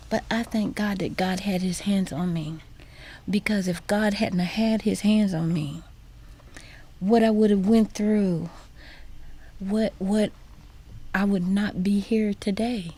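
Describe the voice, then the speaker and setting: A woman telling a personal story as a radio guest, halting and repeating words, sometimes dropping to a whisper. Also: mid-range voice, fairly even intonation, warm tone, breathy edge. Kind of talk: personal testimony in a radio interview. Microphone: studio microphone.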